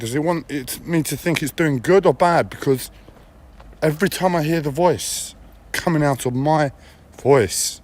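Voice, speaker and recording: A man's voice: a little high, a little slow. A man streaming live, talking in a blunt, profane personal monologue with repeated phrases and a whiny edge.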